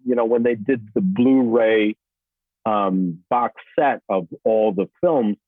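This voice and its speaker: A man's voice: lowish voice, slow pace, no room sound. A man, an actor guest, chatting casually in an interview, rambling with many fillers and restarts. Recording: tinny phone-like line, dry.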